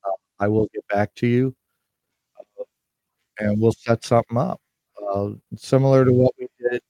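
A man hosting his podcast, speaking haltingly with many fillers and restarts, emotional as he sends a holiday message to listeners. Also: medium pitch, steady tone, warm tone, no room sound, rough recording. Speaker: podcast host.

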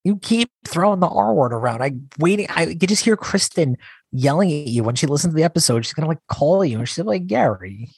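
A man's voice: fairly high pitch, expressive, slightly rough, no room sound. A man co-hosting a podcast in casual chat, teasing and scolding his co-host. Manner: teasing, scolding, quick to push back.

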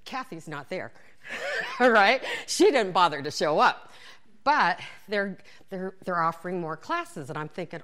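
A woman telling a personal story in a lively way, acting out her own thoughts and her friends' lines with frequent laughter. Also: medium pitch, normal speed.

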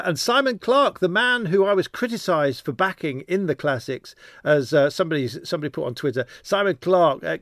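Male race commentator as interview guest, voice a touch high, chatty and digressive with a wry, self-mocking streak, dry recording. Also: fairly bright tone, no echo. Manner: rambling, anecdotal, self-deprecating humour. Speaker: cycling commentator. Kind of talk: casual interview chat.

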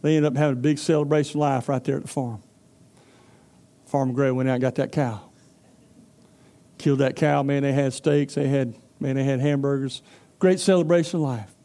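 A man's voice: mid-range voice, steady tone, brisk, mellow. A man preaching a sermon, telling a folksy story and acting out character voices. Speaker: pastor.

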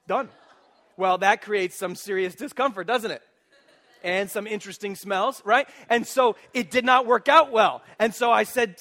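Brief: male pastor, high bright voice, animated humorous sermon delivery. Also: normal speed. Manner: animated, humorous preaching with direct questions to the congregation.

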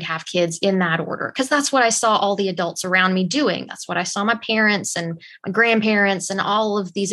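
Young woman, interview guest, lively storyteller, acts out quoted lines, average pitch. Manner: animated, acts out quoted dialogue.

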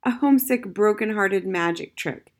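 A woman's voice: medium pitch, normal speed, natural voice. A woman voicing a lonely, desperate male magician locked in a prison cell, talking in a bitter, theatrical way.

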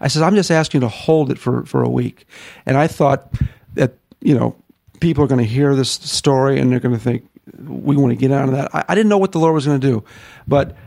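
A middle-aged man from the northern United States, a ministry founder telling his story in an interview, folksy and animated, acting out the quotes. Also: mid-range voice, a little fast, vocal fry, dry recording.

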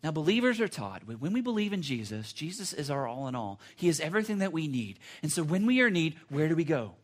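Male pastor, slightly high-pitched, earnest conversational sermon delivery, repeats himself. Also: sing-song, fast. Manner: earnest, conversational preaching with repetitions and restarts.

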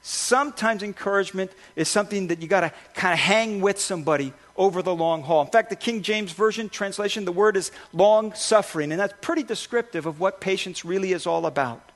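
A male pastor giving a conversational sermon, telling stories with lively restarts and asides. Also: high-pitched, brisk, few pauses. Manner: conversational, animated storytelling with restarts. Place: church sanctuary.

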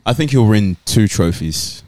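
A lower-voiced Australian man who rambles his way through his football predictions. He is recorded dry and close-up. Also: lively intonation, unhurried, darkish tone, no room sound. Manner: loose, rambling with fillers. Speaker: podcast co-host. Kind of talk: casual football chat.

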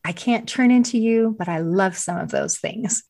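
Husky-voiced woman hosting an interview. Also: medium pitch, moderate pace, a little mellow. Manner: enthusiastic, affirming, reflective. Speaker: host. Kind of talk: warm interview conversation.

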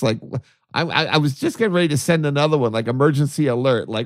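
A man telling a story on a podcast in a casual way, laughing often and acting out his own excited voice. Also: medium pitch, a little fast, no room sound, studio quality. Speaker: podcast co-host, archivist.

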